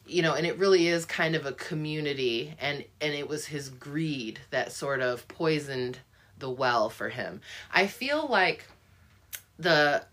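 Low-voiced woman musing over a book. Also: a bit bright. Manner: thoughtful, musing, many restarts and fillers. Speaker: book discussion co-host. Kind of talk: casual book discussion.

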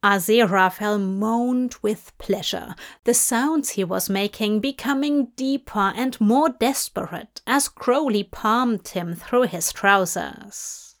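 A woman reading a story aloud in a soft, hushed narration. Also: medium pitch, slow pace, few pauses. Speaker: reader. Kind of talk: audiobook narration of fan fiction.

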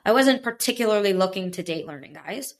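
A woman's voice: medium pitch, expressive, a little fast. A woman telling a personal story in casual chat, acting out quoted voices with animation. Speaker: guest.

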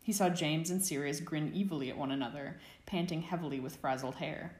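Low-voiced woman reading a story. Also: fairly quick, a little mellow, reverberant. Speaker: narrator. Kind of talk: fan fiction audiobook narration.

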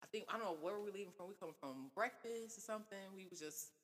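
A woman chatting on a podcast, an animated storyteller who acts out quotes, with a husky voice. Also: mid-range voice, fast, in a large hall. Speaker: podcast guest. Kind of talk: casual podcast chat.

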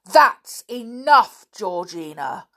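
Woman doing a stern, brisk father. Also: medium pitch, animated. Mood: lecturing. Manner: brisk, lecturing. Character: stern middle-aged father, brisk and dismissive.

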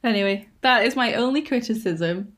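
A woman's voice: a little high, normal speed, fairly bright tone. A woman co-hosting a podcast, chatting casually with blunt opinions and frequent laughter. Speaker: podcast co-host. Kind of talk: casual chat.

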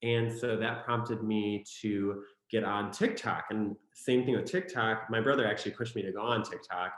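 A man's voice: lowish voice, fairly even intonation, normal speed. A young man from Michigan with a Michigan accent, a guest chatting casually and telling stories with plenty of fillers. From Michigan, USA. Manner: chatty storyteller, many fillers. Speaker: guest, content creator. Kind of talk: casual interview chat. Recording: echoey room.

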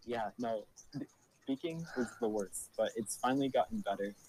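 Young male podcast co-host with a light Spanish-tinged accent, mid-pitched voice, loose rambling storyteller. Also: animated, moderate pace, a little mellow, slight background noise, rough recording. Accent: Spanish-tinged English. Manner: rambling, heavy use of "like" and fillers. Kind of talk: casual chat storytelling.

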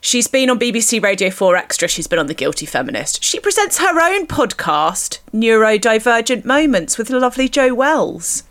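A woman hosting a podcast in casual chat, self-deprecating and quick to laugh. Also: fairly high pitch, very animated, fairly bright tone. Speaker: podcast host.

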